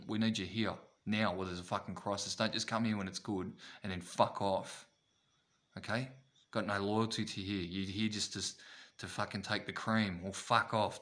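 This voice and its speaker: An Australian man with a fairly low voice rants straight to camera. He talks bluntly, swears freely and keeps repeating his points. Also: a bit bright. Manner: blunt, profane, repetitive. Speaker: vlogger. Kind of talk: ranting to camera.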